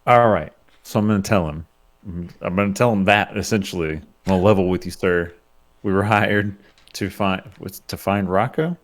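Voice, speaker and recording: Hesitant man with a low voice. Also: moderate pace. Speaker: tabletop game player. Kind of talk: casual in-character play.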